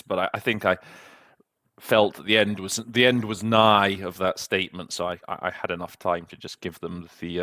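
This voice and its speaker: Guy w a really low voice, chatty and reflective, going over his own interpreting, dry room sound. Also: fairly bright tone, dry recording. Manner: reflective, self-critical, conversational. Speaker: conference interpreter and podcast host.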